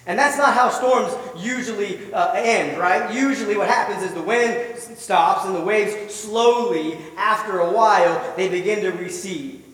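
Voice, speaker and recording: A man's voice: sits high, measured pace, few pauses, a bit bright. A man preaching a sermon, retelling a story vividly and asking the listeners rhetorical questions. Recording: echoey hall, voice from far off.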